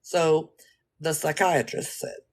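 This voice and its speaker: A woman vlogger telling a story in a casual monologue, blunt, profane and animated. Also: low voice, slow pace.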